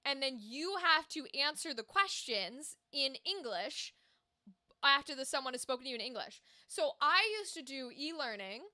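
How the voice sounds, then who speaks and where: A woman's voice: high voice, expressive, normal speed, bright, forceful tone. A woman streaming as a voice actor, chatting casually and candidly, swearing freely with lots of asides. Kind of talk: casual livestream chat.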